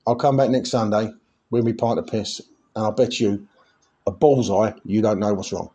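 A man's voice: on the low side, steady tone, moderate pace, mellow, lo-fi sound, natural voice. A man, voicing a blunt, scornful drinker in a pub joke. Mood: defiant.

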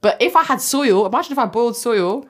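A woman co-hosting a podcast, animated and teasing in casual chat, swearing freely. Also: on the high side, fast talker. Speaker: podcast co-host.

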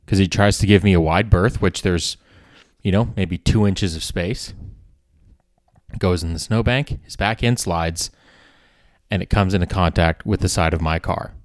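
Casually storytelling for his podcast, a fairly low-voiced man wanders, backtracks, and swears to punch up his points. The sound is dry, close, and free of any echo.

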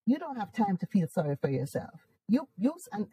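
A woman's voice: medium pitch, very animated, moderate pace, dark tone, a little hiss or hum, poor audio. A woman with a Jamaican accent, a guest in an interview, who talks emphatically and upbeat and laughs often. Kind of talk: casual conversational interview.

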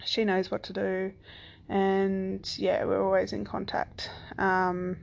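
A woman's voice: medium pitch, completely flat delivery, slow, gravelly. A woman in her thirties or forties, a single parent, telling a personal story in a casual, rambling way, with lots of "like" and "um" and some swearing. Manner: rambling, full of "like" and "um", swears freely.

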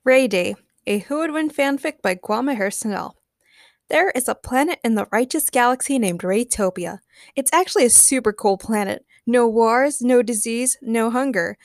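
On a podcast she hosts, a woman mixes casual, playful chat with storybook narration of short fanfic tales, laughing at her own jokes in an upbeat way. Her voice sits on the high side and is expressive at a moderate pace, captured clean in the studio with no echo.

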